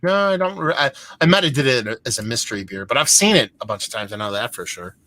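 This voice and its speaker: A man's voice: mid-range voice, animated, quick pace, pushed and bright. Rambling man from Pennsylvania swapping beer stories. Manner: rambling storyteller, frequent swearing and restarts. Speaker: beer show host. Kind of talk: casual live-stream chat.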